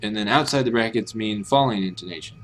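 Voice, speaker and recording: A man's voice: on the low side, fast talker, fairly bright tone, faint music behind. A man streaming a game, thinking aloud and muttering as he puzzles over how to pronounce Japanese words. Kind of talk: casual think-aloud while reading game text.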